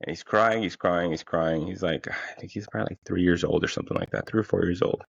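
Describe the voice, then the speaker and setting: A man's voice: low voice, fairly even intonation, fast, vocal fry, slightly rough, no echo. A man telling a funny story in a rambling, profane way, full of fillers and restarts, sounding a little tired. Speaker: podcast host. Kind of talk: casual comic storytelling. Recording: dull lo-fi, dry sound.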